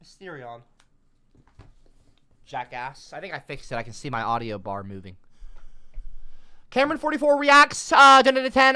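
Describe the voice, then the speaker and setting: A man's voice: on the high side, sing-song, moderate pace, long pauses, bright, forceful tone, clean tone. Rambling, irritable male livestreamer. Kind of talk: casual livestream chat reading comments.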